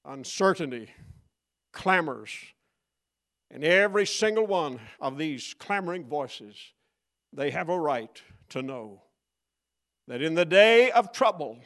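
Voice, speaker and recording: A man delivers a dramatic sermon from a church pulpit. His fairly high voice leaps around with lively swings, sinking to near whispers before rising to loud, mocking cries. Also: takes it slowly, long pauses. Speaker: guest preacher. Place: church sanctuary.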